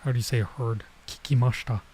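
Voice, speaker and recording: A man streaming as he reads a manga aloud, thinking out loud and hesitating while he works out translations. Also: mid-range voice, steady tone, fast talker, slight background noise, low-quality recording.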